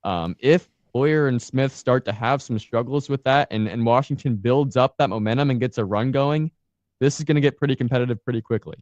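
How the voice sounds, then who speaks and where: A man co-hosting a sports talk show, laying out game scenarios in a measured, analytical way. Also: medium pitch, darkish tone, dry recording, highs cut off. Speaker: sports podcast co-host.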